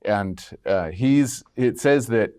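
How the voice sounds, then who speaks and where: A man telling stories in a relaxed conversation, acting out quoted lines and laughing often. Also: on the low side, slow pace. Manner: animated storyteller, acts out quotes, laughs often. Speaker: guest minister. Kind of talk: casual conversation, storytelling.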